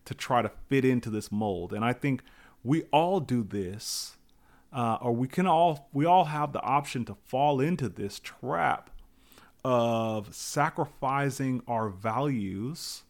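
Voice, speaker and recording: Man, solo podcast host, reflective rambling monologue, restarts and asides, mid-pitched voice.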